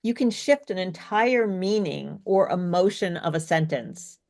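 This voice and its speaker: Slow-talking woman speech coach. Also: fairly low pitch, expressive, a little mellow. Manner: encouraging, asks checking questions. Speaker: speech coach, co-host of webinar. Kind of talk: live online workshop presenting.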